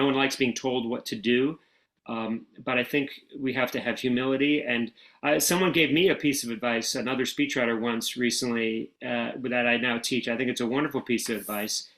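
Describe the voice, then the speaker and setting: An American man speaking as an interview guest, his voice sitting at an ordinary middle pitch. He tells his stories in a loose, conversational way, full of "you know" and quick restarts. His delivery stays relaxed and easygoing. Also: low-quality recording. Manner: relaxed, anecdotal, frequent fillers and restarts. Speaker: guest, former speechwriter.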